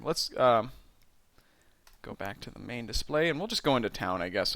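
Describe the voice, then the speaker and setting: Animated man narrating a game. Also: mid-range voice, no room sound. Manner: joking, animated, stumbles while reading. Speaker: let's play host. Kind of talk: casual game commentary and reading game text aloud.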